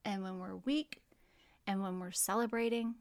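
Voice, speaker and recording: A woman's voice: mid-range voice, fairly even intonation, dry recording, studio quality. A middle-aged woman co-hosting a faith podcast, telling stories and praying aloud in an earnest way. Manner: slow, warm, earnest. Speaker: podcast co-host. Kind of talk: casual chat and spoken prayer.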